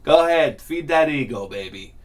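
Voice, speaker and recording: Animated, profane New man ranting. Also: fairly high pitch, normal speed. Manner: animated, profane, laughs at his own story. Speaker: host. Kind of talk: casual storytelling rant.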